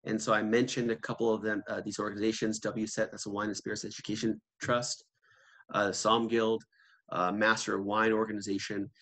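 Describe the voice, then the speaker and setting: A man's voice: on the low side, flat delivery, fairly quick, a bit bright. A man giving a conversational seminar talk, telling stories with quoted voices and asking rhetorical questions. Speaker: seminar speaker.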